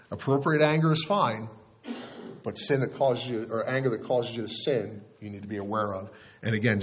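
A middle-aged male pastor preaching a conversational sermon, with casual asides and questions to the congregation. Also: medium pitch.

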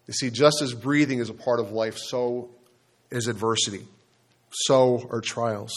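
A man delivers a sermon from the pulpit, telling a story to his congregation and turning to speak to them directly. His voice sits in a middle pitch. He slows down sharply to stress his key points. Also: fairly even intonation. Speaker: pastor.

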